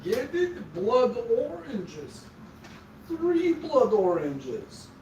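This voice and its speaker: A man putting on a theatrical male vampire voice with an exaggerated accent, counting out items in a slow, high, drawn-out way. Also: huge pitch swings, a little mellow, lo-fi sound, exaggerated voice. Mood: gleeful counting. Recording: roomy, distant mic, noisy background.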